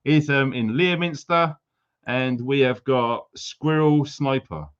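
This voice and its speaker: A man's voice: medium pitch, slow pace, clean tone, highs cut off. Jokey man hosting a livestream. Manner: jokey, teasing banter with viewers. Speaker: livestream host. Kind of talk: casual livestream chat.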